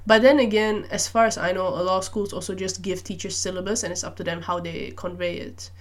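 A woman in her twenties hosting a casual solo podcast, talking in a chatty, animated way with lots of "like" fillers. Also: on the low side, fairly quick. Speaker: podcast host.

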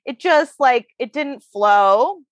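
A woman's voice: high-pitched, lively intonation, takes it slowly, no room sound. A woman co-hosting a podcast, telling a long story in a chatty, swearing, laughing way. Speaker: podcast co-host. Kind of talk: casual chat.

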